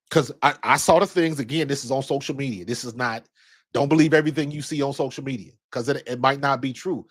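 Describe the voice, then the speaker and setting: A man in his fifties, raised in Ohio, giving casual basketball commentary in a blunt, slangy, rambling way with some profanity. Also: medium pitch. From Ohio, USA. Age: 50s. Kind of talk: casual commentary with personal storytelling.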